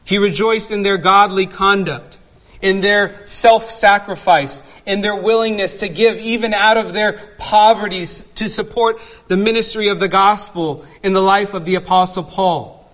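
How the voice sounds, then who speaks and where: A man preaching an expository sermon as pastor, slow and earnest, dwelling on single words. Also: high voice, a bit bright, dull audio.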